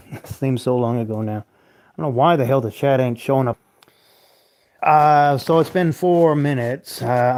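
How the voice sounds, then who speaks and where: A man's slightly mellow, mid-range voice carries a casual livestream from his home. Loose and rambling between viewer comments, he swears freely and laughs a lot.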